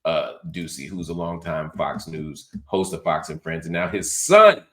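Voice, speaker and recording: Deep-voiced sarcastic man. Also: measured pace, few pauses. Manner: animated, sarcastic, mocking. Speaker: host. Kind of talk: political commentary.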